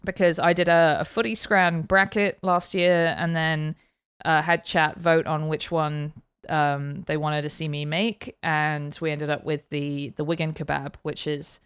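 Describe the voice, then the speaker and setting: A British woman co-hosting a podcast, telling stories in casual, animated chat. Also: sits low, unhurried, clean tone, no echo. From Britain. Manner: chatty, animated storytelling. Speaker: podcast co-host.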